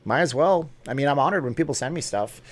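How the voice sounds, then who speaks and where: A man's voice: medium pitch, expressive, fast. A man hosting a casual live stream, chatting and joking as he answers viewer comments off the cuff.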